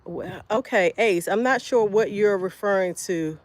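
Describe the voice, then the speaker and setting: A woman's voice: medium pitch, unhurried. A woman hosting a casual livestream outdoors in her garden, chatting with viewers by name while she harvests. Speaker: homestead livestreamer.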